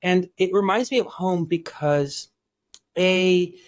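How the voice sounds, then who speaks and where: A man in his forties from Iran, a guest in a casual interview, talking in halting starts with lots of restarts. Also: high voice, dry recording, clean studio sound. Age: 40s.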